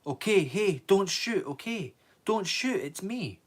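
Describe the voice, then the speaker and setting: A man voicing a frightened, injured boy who calls out pleadingly in the dark, his voice high and straining, read as a storybook scene. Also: normal speed, husky.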